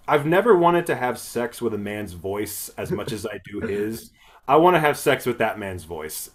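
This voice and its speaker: A male podcast host recapping a film in casual chat, crude and rambling, swearing often and laughing. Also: mid-range voice.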